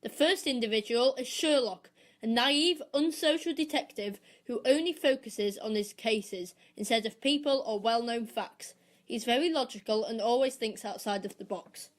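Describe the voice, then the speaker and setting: A woman co-hosting a film podcast, reading her prepared reviews and recommendations in a steady, measured way. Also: fairly high pitch. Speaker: podcast co-host.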